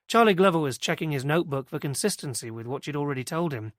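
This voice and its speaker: A man narrating a mystery audiobook in a steady, even-toned delivery. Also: a little high, fast, few pauses, no echo, studio quality. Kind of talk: scripted narration.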